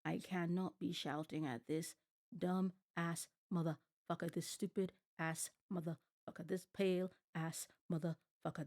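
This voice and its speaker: A woman's voice: lowish voice, moderate pace. A woman streamer reacting to a TV show, ranting and swearing at the screen in casual chat. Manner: animated, swearing, rants at the screen. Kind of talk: casual profane reaction rant. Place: home at night.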